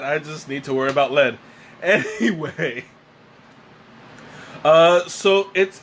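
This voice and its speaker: A man's voice: fairly high pitch, a bit bright, slight background noise. Chatty man hosting a live tea stream. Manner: chatty, self-deprecating, rambling with restarts. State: sweating and catching his breath after choking. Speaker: livestream host. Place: home room with a fan running.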